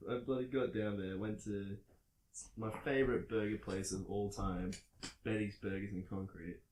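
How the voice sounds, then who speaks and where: A man's voice: lowish voice, steady tone, normal speed, darkish tone, echoey room, slight background noise, low-quality recording. An Australian man hosting a casual chat, telling rambling stories full of fillers. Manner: rambling storyteller, full of "like" and "bloody". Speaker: podcast host. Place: indoors at a friend's home.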